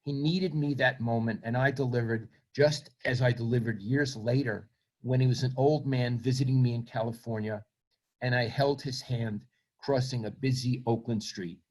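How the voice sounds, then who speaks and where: A Brooklyn-born author in his 70s reads from his book, then reflects on himself in a self-deprecating way. His voice is medium-pitched and darkish, with fairly even intonation and a moderate pace.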